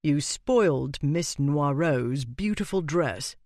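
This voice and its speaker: Narrator as a disdainful aristocrat, clipped and dry, lively inflection. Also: male voice, a little high, takes it slowly, no echo. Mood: irritated. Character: cool, irritable aristocratic Regency gentleman.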